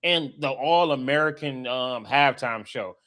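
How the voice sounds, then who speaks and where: A man co-hosting a casual podcast, talking in animated slang and acting out what others said. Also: mid-range voice, measured pace. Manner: animated, slangy, swears, acts out quotes. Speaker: podcast co-host. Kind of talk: casual chat.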